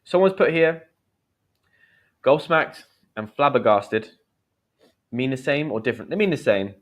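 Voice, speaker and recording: A man in his thirties runs a live English lesson on slang. He talks in a chatty way, explaining each word with quick examples and short acted lines, in an even middle voice. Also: mid-range voice. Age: 30s. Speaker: English teacher.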